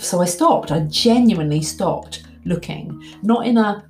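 A woman's voice: medium pitch, moderate pace, few pauses, soft background music. A woman in her forties, candid and reflective, telling a personal story and acting out the things she once told herself. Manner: candid, reflective, animated when quoting her past self. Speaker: speaker.

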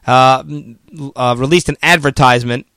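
A man's voice: mid-range voice, fairly even intonation, normal speed, sharp tone, smooth, dry recording. A man hosting a political commentary show, talking casually and argumentatively, often mocking the media with quoted voices.

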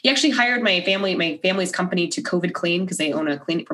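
Low-voiced woman telling a story. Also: very fast. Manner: animated, acts out quoted dialogue, heavy use of "like". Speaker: podcast guest. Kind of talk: casual conversational storytelling.

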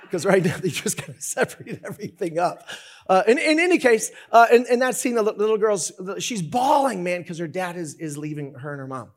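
A man preaching a sermon as pastor, talking in an animated, conversational way with many restarts. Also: sits high, fairly quick.

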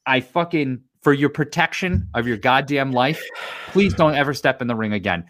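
A man co-hosting a casual podcast, ranting in an animated, profane way. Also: medium pitch, moderate pace. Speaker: podcast co-host. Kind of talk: casual chat.

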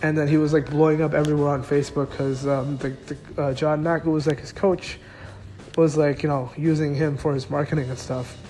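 A man's voice: a little high, flat delivery, fairly quick, dark tone. A young man telling a personal story in a casual, rambling way, full of filler words.

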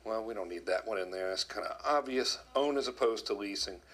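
A man telling a story to his viewers in a casual, animated monologue, often quoting others. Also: lowish voice, fairly quick. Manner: animated storyteller, quotes people in put-on voices. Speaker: video commentator.

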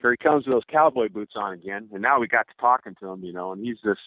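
A man's voice: fairly low pitch, fast talker, no echo. An older man, a former ballplayer, telling rambling joking stories as a guest over a cell phone. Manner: rambling, joking, laughs through his stories. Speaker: former pro baseball player as guest. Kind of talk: casual storytelling interview. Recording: tinny phone line, dry.

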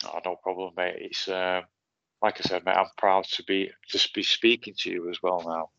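A man's voice: low voice, little pitch movement, normal speed, vocal fry, bright, forceful tone, dry recording, highs cut off. A man hosting a podcast, effusive and chatty, constantly calling his guest mate. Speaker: podcast host. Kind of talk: casual conversation.

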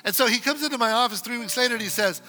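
A man preaching a sermon and telling a story, acting out the dialogue and swinging from loud exclamations to quiet asides. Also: very high voice, racing, faint music behind. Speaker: pastor.

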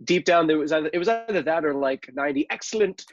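A man's voice: a little high, animated, quick pace, no echo. A man co-hosting a podcast who talks casually in a rambling, hesitant way, recorded with dull, lo-fi sound. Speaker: podcast co-host. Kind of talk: casual chat.

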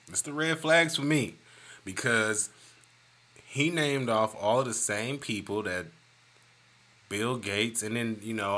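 A man hosting a casual solo podcast, ranting in an animated, profane, joking way. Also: lowish voice. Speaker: podcast host.

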